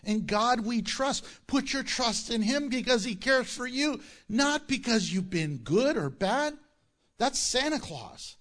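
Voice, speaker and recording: A man preaching a sermon as pastor, animated and joking, often laughing at his own lines. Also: extremely high pitch, slow.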